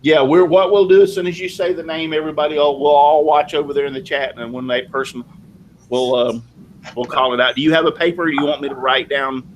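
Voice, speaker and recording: A man's voice: a little high, steady tone, fairly quick, a little hiss or hum, rough recording. A man raised in the South, hosting a casual live video chat, rambling with lots of fillers. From American South. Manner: rambling, chatty, many fillers. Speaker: live show host.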